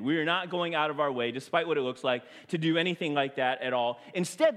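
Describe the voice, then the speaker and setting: A man pastor giving a sermon to his church, telling a story with lively acted-out reactions. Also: high-pitched. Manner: animated storytelling, acting out his own quoted reactions.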